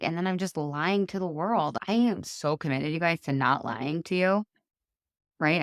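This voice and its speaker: A woman in her thirties hosting a solo coaching podcast, chatty and animated, acting out the voices in her stories. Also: low voice, no echo, studio quality. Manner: chatty, animated, acts out quoted dialogue. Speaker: podcast host and life coach.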